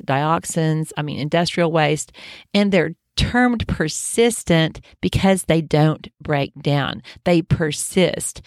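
A woman's voice: sits low, no room sound, clean studio sound. A middle-aged woman giving an informal health talk in a conversational, reassuring way, with frequent fillers. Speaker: health educator.

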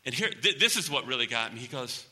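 A man's voice: medium pitch, big pitch swings, quick pace, sharp tone. A man preaching a sermon as pastor, emphatic, repeating his key phrases for weight. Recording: long hall reverb.

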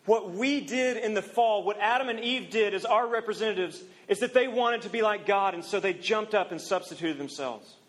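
A young man preaching a sermon to students, earnest, swinging from loud emphasis to near-quiet confession. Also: high-pitched, normal speed, few pauses. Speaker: campus minister.

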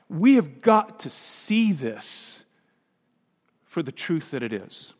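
A man preaching a sermon in church, swinging between loud, emphatic preaching and hushed, slow guided meditation. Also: a little high, sing-song, slightly rough, big-room sound. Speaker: priest.

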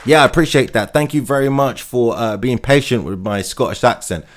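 A man's voice: mid-range voice, a little fast, a faint crowd, slight background noise. A man hosting a comic news monologue, sarcastic and mock-enthusiastic as he rattles through the headlines. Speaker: comedy host.

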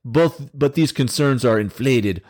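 A man's voice: medium pitch, measured pace, a little mellow, pitched above the performer's own voice, natural voice. A man voicing a menacing male militant leader reading a statement, in a put-on sinister foreign accent.

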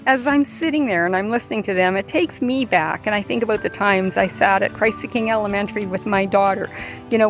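An older woman, a grandmother, hosting a podcast and telling a heartfelt personal story in a conversational way. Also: mid-range voice. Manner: heartfelt, conversational with fillers and repeats. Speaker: podcast host. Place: outdoors or near open air, plane overhead.

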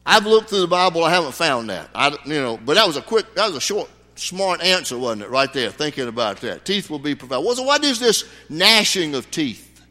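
A man's voice: on the high side, very animated, fairly quick, bright, forceful tone. A man preaching a sermon as pastor, folksy, with sudden emphatic rises. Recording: long hall reverb.

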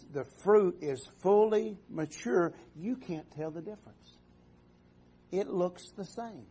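A man preaching a sermon in a church, halting and repeating words, often calling out for an amen. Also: fairly high pitch, warm tone, breathy edge.

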